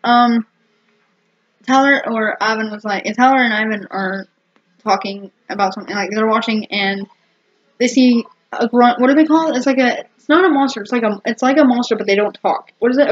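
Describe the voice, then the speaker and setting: Reviewing a TV episode, a woman vlogger rambles to camera with giggles, plenty of fillers and restarted sentences. She speaks fairly quickly in a fairly high pitch, and the home recording is dull and lo-fi.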